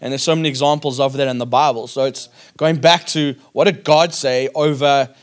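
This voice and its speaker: A man's voice: medium pitch, fairly even intonation, brisk. A man on a church conference panel, speaking earnestly and repeating words while he gathers his thoughts.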